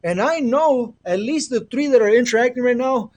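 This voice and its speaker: A middle-aged man with a Mexican accent and a fairly high voice hosts a casual spiritual livestream from home. He speaks through an earbud mic in a rambling, earnest way, often trailing off mid-thought and starting over. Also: moderate pace. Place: home with children nearby. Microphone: earbud headset.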